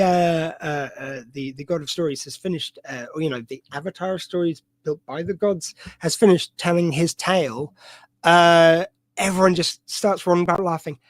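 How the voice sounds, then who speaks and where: Rambling man with a higher voice. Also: no room sound. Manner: rambling, digressive, many fillers and restarts. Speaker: podcast host. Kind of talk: casual live-stream commentary.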